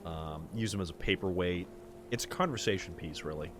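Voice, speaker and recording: Talking fairly quickly against a noisy background, a man live-streams gameplay, casually chatting with his audience and reacting to events on screen. He's lively, his pitch jumping around and spiking in sudden high exclamations.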